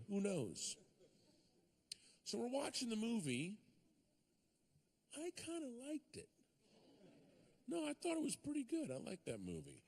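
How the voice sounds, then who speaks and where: A man with a high, tenor voice performing stand-up comedy. His storytelling is animated, with sudden shouted punchlines. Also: unhurried, long pauses. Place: comedy stage before a live audience.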